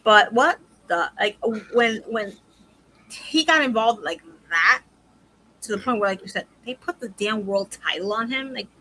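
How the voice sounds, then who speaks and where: A woman co-hosting a casual wrestling chat show, animated and emphatic, quick to agree. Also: medium pitch, slight background noise, rough recording. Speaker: podcast co-host.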